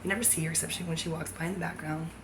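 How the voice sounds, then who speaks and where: A woman's voice: low-pitched, fairly even intonation, racing, background noise. A woman vlogger talking to camera in a rambling, profane, sardonic monologue.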